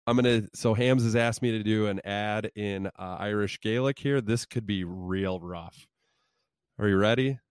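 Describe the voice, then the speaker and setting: A man hosting a comedy podcast, reading sponsor copy with a deadpan, wry delivery. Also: on the low side, normal speed, smooth, dry recording, clean studio sound. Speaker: podcast host. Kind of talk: deadpan comic ad read.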